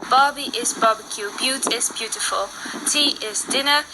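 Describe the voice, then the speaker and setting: A woman's voice: a little high, normal speed, noisy background. A teenage girl with a Dutch accent in a school presentation, playing someone new to a country, talking with hesitant fillers. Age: teens. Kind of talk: school presentation role-play.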